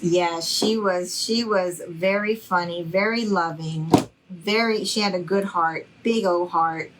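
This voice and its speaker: A middle-aged woman hosting a craft livestream, chatting in a folksy way and addressing her viewers directly. She speaks slowly and unhurriedly. A faint background hiss sits under her voice. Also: on the low side. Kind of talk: casual chat with live viewers.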